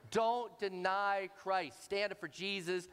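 Animated pastor with a higher voice. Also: male voice, slow pace, clean tone. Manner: animated, repetitive anecdotal delivery. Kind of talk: sermon storytelling. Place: large hall with a congregation. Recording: long reverb in a large hall.

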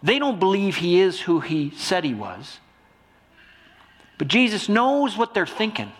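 Emotional pastor with a runny nose. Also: male voice, high-pitched, big pitch swings, a little slow. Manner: emotional, swings between loud emphasis and soft hushed lines. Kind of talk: sermon.

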